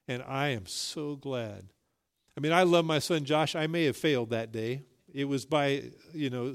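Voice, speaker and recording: A middle-aged male pastor preaching a sermon, telling a folksy story and rising emphatically on key points. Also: medium pitch.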